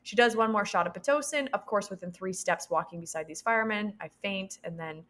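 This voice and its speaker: Animated woman telling a story. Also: medium pitch, fairly quick. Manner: animated, acts out quoted voices; laughs between sentences. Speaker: podcast guest. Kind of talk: storytelling in a podcast interview.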